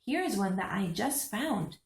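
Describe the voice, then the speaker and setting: A woman doing a polite, quiet raccoon. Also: medium pitch, very animated, unhurried, vocal fry, reverberant. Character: polite helpful male raccoon.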